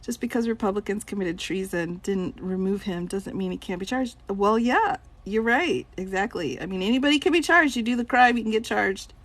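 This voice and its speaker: Speaking at normal speed with few pauses, a woman attorney with an animated, slightly bright mid-range voice runs a relaxed live stream. She reads aloud questions from the chat and responds, laughing frequently.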